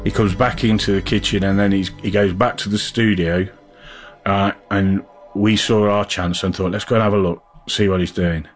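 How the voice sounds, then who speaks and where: A man's voice: lowish voice, fairly even intonation, normal speed, soft background music. A man, a musician, telling a story in a casual interview, chatty and rambling with lots of fillers and restarts.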